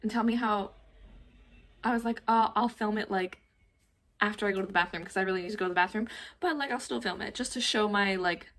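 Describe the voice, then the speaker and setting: A young adult woman telling a story in a casual vlog, animated and swearing, laughing as she goes. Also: medium pitch, brisk. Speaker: vlogger.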